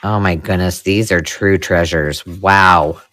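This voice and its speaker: A woman hosting a live craft unboxing, chatting casually and gushing over old paper finds, sometimes dropping to a hushed whisper. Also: rumbling low, steady tone, takes it slowly. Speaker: craft channel host.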